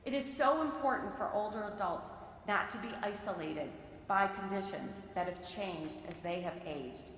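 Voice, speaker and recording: A woman giving a sermon from the pulpit of a large synagogue sanctuary, reading prepared remarks in a measured, earnest way. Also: mid-range voice, expressive, fairly bright tone, a little hiss or hum. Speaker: lay speaker giving a sermon. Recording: very echoey sanctuary with long reverb.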